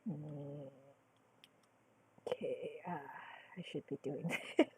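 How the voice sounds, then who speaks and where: Slow-talking, giggly woman streamer. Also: sits low, steady tone, dark tone, slightly rough, no echo. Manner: giggly, swears freely, bursts into squeals; drops Japanese exclamations into speech. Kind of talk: casual live-stream chat while drawing.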